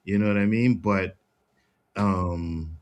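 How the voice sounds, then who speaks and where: A man's voice: deep voice, steady tone, slow pace. A man from Canada co-hosting a livestream, easygoing and agreeable in casual chat. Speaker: livestream co-host.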